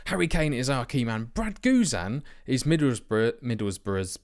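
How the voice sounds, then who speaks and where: A young man casually commentating his football management game, chatty and self-mocking, with sudden bursts of excitement. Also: mid-range voice, moderate pace. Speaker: let's play host.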